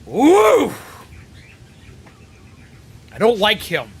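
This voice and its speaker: A man streaming a video game, talking casually and breaking into animated, profane shouted rants. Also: a little high, moderate pace, gravelly, a little hiss or hum. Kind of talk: casual live-stream commentary.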